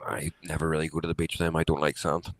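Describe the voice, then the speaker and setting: A Northern Irish man co-hosting a podcast, telling stories in sweary, animated casual chat. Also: very deep voice, rapid-fire. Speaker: podcast co-host.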